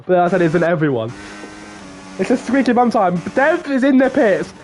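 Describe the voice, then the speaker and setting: A man commentating live on a sim racing qualifying session, swinging between low murmurs and excited outbursts. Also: a little fast, a little hiss or hum. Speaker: race commentator.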